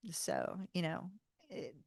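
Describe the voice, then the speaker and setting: A woman's voice: fairly low pitch, huge pitch swings, takes it slowly, gravelly, a little mellow, no echo, clean studio sound. A woman hosting a tarot channel livestream, chatting casually with viewers, laughing often and saying y'all. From North Carolina, US.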